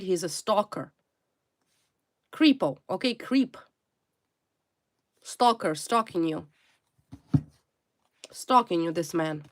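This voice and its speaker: A woman reading tarot straight to the viewer, talking emphatically and repeating single words, in non-native English phrasing. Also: lowish voice. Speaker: tarot reader.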